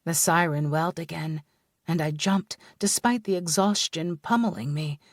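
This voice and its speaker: A woman narrating a romance audiobook in the first person, in a measured storytelling manner. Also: low voice, dry recording, studio quality.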